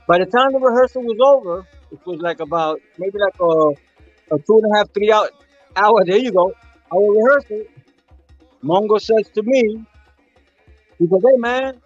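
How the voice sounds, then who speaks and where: A high-pitched man talks with a guest musician in a relaxed interview and acts out the people in his story as he goes. The sound is dull and dry, with no room echo, and faint music plays behind him. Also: normal speed, long pauses. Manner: animated, acts out quotes of others. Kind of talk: casual storytelling.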